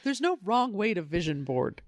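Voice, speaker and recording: A woman's voice: on the low side, sing-song, normal speed, no echo, clean studio sound. A woman co-hosting a podcast, recapping a comic with wry, sarcastic asides. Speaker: podcast co-host. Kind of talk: casual comedic chat about comics.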